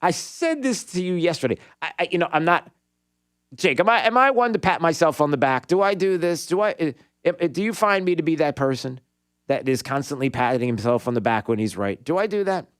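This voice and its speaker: A man's voice: a little high, fairly quick, smooth, no echo, studio quality. A man hosting a talk radio show, giving an opinionated monologue in a sarcastic way and bantering with his producer.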